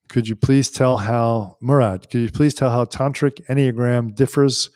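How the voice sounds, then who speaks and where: Male yoga teacher, mid-range voice, animated storyteller who laughs often, dry close recording. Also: mid-range voice, no echo. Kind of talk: live-stream teaching with chat questions.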